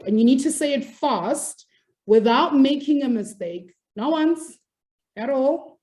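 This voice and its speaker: Upbeat woman teacher with a mellow voice. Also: high-pitched, lively intonation, measured pace, a little hiss or hum. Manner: upbeat, apologetic, laughs easily. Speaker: maths teacher. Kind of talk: live online class.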